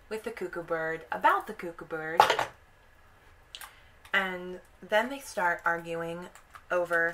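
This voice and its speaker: A woman's voice: fairly low pitch, fairly bright tone, slight background noise, rough recording. A young woman hosting a casual vlog, animatedly retelling a story and slipping into the characters' voices. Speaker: video host.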